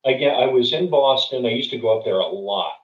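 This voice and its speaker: A man's voice: medium pitch, expressive, brisk. A middle-aged man speaking as a guest, telling a story and giving advice in an earnest way, often restarting and repeating words. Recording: dull, distant, roomy recording.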